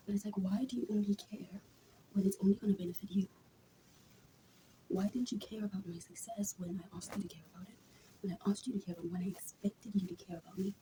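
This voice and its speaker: A woman's voice: medium pitch, background noise. A woman vlogger venting casually to the camera, blunt and full of rhetorical questions, repeating points for emphasis.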